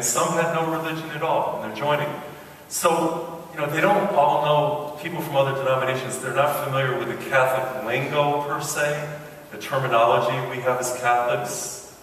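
A man's voice: mid-range voice, a bit bright, a little hiss or hum. A man, a priest preaching a mission sermon in a church, telling jokes between points in a folksy, storytelling way. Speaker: priest giving a parish mission. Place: large church. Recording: echoey church from far off.

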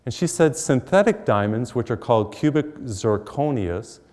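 A man's voice: medium pitch, lively intonation, moderate pace, a little mellow, long reverb tail. A middle-aged man preaching a sermon, telling a story with emphasis and humor.

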